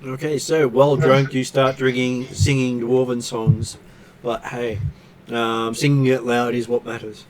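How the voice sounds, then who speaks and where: A man narrating a tabletop game as game master, pausing often on fillers as he describes scenes. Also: medium pitch, flat delivery, darkish tone. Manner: hesitant, filler-heavy narration.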